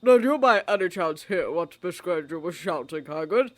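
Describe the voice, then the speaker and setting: A woman voicing an old male headmaster wizard who speaks in a pleasant, measured, dryly humorous way. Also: lowish voice, animated, natural voice. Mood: wry.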